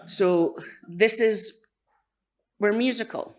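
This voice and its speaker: A woman from Scotland with a Scottish accent gives a conference talk. Her delivery is dry and sarcastic, with a lively, animated edge. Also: fairly low pitch, a little slow. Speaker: conference speaker.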